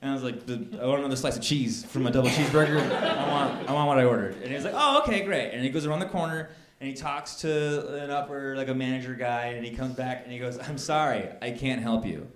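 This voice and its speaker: A man doing a stand-up comedy set, telling a long complaint story that builds to indignant shouting. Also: medium pitch, fairly even intonation, quick pace. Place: comedy club stage. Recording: echoey club with crowd laughter. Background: audience laughing.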